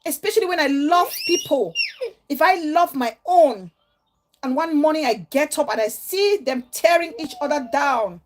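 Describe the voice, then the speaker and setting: A woman's voice: sits high, animated, normal speed, a little hiss or hum. A middle-aged woman vlogger giving an earnest, emotional and preachy monologue to her viewers. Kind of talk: heartfelt vlog monologue.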